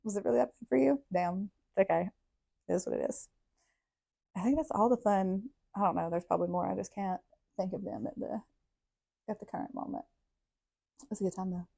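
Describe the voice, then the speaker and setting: A woman tells childhood stories on her podcast. She talks casually, swears freely and breaks into laughter often. Her voice sits at an ordinary middle pitch for a woman. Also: brisk, creaky, long pauses, husky. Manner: profane, laughing, animated storytelling. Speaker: podcast host. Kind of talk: casual storytelling.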